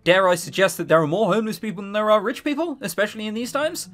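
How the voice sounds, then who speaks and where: A man hosting a let's-play, reading a visual novel aloud and reacting in an excitable, chatty way. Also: high voice, fast, soft background music. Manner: excitable, chatty, swears in surprise.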